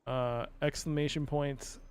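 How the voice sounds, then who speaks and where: A man's voice: a little high, little pitch movement, a little slow, darkish tone, clear, resonant tone. A man streaming a puzzle game live, thinking aloud in a rambling, self-mocking way and chatting with viewers. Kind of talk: casual live-stream commentary.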